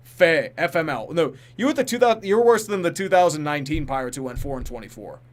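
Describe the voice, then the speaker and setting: A man with a fairly high voice chats casually on a live stream. He reads donor names and messages aloud, then answers with blunt reactions. He laughs often and stumbles over hard names. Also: expressive, fast talker. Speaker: streamer reading viewer donations.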